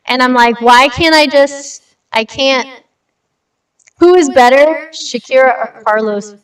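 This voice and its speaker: This livestream host has a high, clear, resonant voice and a slow pace. Blunt and chatty, she reads news stories aloud and replies to viewers in the chat, with a slightly distant sound and a touch of reverb.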